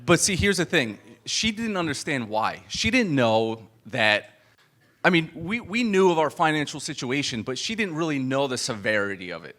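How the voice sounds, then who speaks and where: A man's voice: on the high side, normal speed. A man giving a live motivational talk to an event audience, telling a personal story in a conversational way, with restarts and acted-out quotes. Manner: animated and conversational, full of fillers and restarts, acts out quoted dialogue. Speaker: business coach speaking to an event audience.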